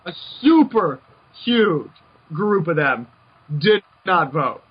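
A man's voice: on the high side, very animated, takes it slowly, husky. A man hosting a podcast, delivering a heated, repetitive opinion rant with stumbling restarts. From United States. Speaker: podcast host. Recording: dull lo-fi recording.

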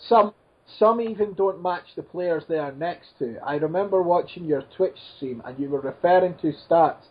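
A man's voice: on the high side, normal speed, breathy edge, dull audio. A man co-hosting a podcast who reads listener questions aloud, with a lot of "uh" and "um". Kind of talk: casual chat.

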